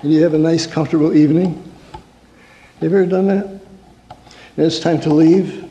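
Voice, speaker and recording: A man's voice: fairly high pitch, fairly even intonation, fairly quick, warm tone. A man who works as a counselor, giving a humorous sermon-style talk with stories and rhetorical questions. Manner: storytelling, rhetorical questions, mock-angry asides. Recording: reverberant hall.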